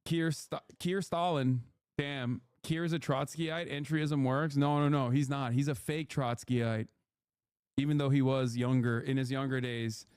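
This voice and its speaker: A man's voice: mid-range voice, steady tone, unhurried, a little mellow, clear, resonant tone, dry recording, studio quality. Brash, profane male streamer. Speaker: streamer host. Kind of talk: casual political commentary.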